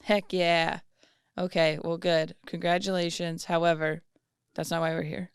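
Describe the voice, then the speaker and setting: A woman hosts a podcast in an upbeat, chatty way, laughing easily and jumping in with quick interjections. Her voice has a gravelly fry to it while staying very clean and smooth. The recording is dry and close. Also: lowish voice, little pitch movement, no echo. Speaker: podcast host. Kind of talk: casual podcast chat.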